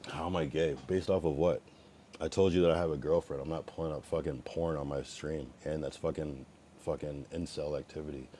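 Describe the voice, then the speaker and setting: A young man livestreaming, chatting to viewers in a rambling, profane way, swinging from mutters to loud taunts. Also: extremely low pitch, fairly even intonation, fairly quick, a little hiss or hum. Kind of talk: casual live-stream chat reacting to viewers.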